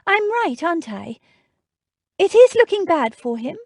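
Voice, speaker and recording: A woman's voice: sits high, animated, moderate pace, warm tone, no echo, clean studio sound, voice pushed up. A woman voicing an earnest young debutante who pleads emotionally in an audiobook. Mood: distressed.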